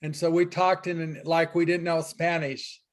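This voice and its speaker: A man teaching a Spanish class over a video call, encouraging and telling stories with quick asides. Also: fairly high pitch, level tone.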